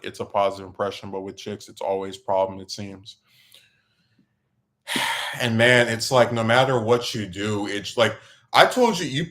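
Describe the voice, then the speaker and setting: A man hosting a podcast, telling a rambling story in casual chat, with his voice jumping up when he gets worked up. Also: fairly low pitch. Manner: rambling, animated, voice jumps up when excited. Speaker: podcast host.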